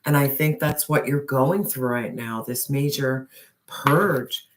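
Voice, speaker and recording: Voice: mid-range voice, slow. A tarot reader giving an intense, emphatic reading to a viewer, with slangy address and swearing, sometimes dropping to a whisper. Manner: drops to a whisper on some phrases.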